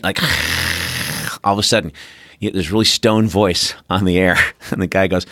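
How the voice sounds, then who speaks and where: A middle-aged man in casual podcast chat, his pitch swinging widely as he tells stories. He slips into voices for the people he quotes and swears freely. The sound is dry and close. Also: lively intonation, moderate pace, fairly bright tone, dry recording. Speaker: podcast host.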